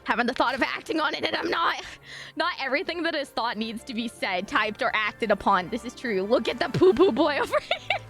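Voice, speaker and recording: A woman's voice: high voice, lively intonation, fairly quick, a bit bright, soft background music. A young woman streaming live, chatting casually with her viewers in a giggly, rambling, apologetic way.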